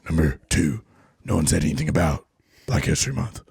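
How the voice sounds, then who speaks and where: A gravelly, growling Batman. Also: slight background noise, full character voice. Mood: gruff. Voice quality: deep gravelly rasp. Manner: slow growling deadpan delivery. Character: gruff brooding male superhero vigilante. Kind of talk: comedic impression in a podcast game.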